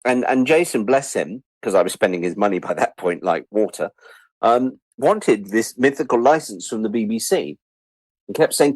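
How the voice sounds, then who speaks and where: A middle-aged man telling stories as a guest in a casual interview, animated and acting out the voices of the people he quotes. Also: on the low side, normal speed, slightly rough, no echo.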